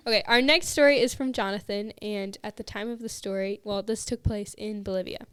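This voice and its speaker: A woman co-hosting a podcast, reading listener stories aloud and chatting with a giggly, animated manner. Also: mid-range voice, fairly quick, clear, resonant tone, no room sound. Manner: giggly, animated when amused. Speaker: podcast co-host.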